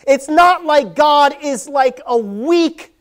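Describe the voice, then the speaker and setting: A man preaching a sermon, animated, swinging from loud emphasis to quiet low asides and acting out little scenes. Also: slow pace. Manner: animated, acts out voices of dads and kids. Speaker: pastor.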